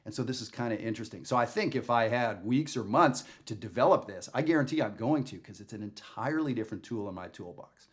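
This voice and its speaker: A man talking through a jazz lesson on camera, chatty and self-deprecating. He thinks aloud and throws out rhetorical questions at a middle pitch. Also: lively intonation, fast talker, hardly any pauses. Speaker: jazz saxophone teacher. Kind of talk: casual video lesson.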